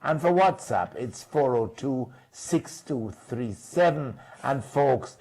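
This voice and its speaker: A man's voice: medium pitch, expressive, slow pace, gravelly, darkish tone. A middle-aged man with a Jamaican accent hosting a telethon, joking and laughing and slipping into patois. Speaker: telethon host. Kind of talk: casual chat.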